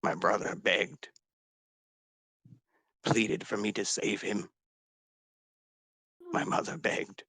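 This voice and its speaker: A man voicing a grief-stricken dragonborn warrior, confessing in a raw, halting way with whispered breaks. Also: on the low side, fairly even intonation, pushed and bright. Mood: grieving. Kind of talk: tabletop role-play character speech.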